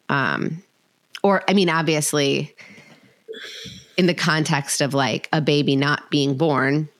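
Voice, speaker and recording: A woman's voice: deep voice, a little slow. A woman hosting a parenting podcast, talking thoughtfully and sometimes searching for words. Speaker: podcast host. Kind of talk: conversational parenting discussion.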